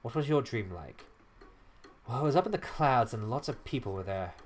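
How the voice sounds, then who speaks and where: A man voicing a polite, earnest young male squire, close to his own voice and a little lower. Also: lively intonation, normal speed, faint music behind, natural voice. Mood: curious.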